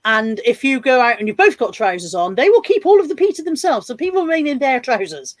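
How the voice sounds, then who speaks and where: Woman, guest, casual chat, animated storyteller, somewhat high voice, dry sound. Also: fast talker, dry recording. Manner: animated storyteller acting out quoted reactions.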